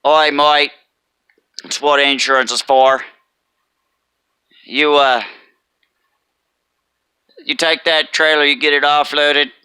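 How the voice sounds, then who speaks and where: A man's voice: on the high side, little pitch movement, slow, long pauses, pushed and bright, clear, resonant tone, no room sound. A man doing an easygoing, matey trucking boss. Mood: relaxed. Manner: blunt and matey, calling people mate.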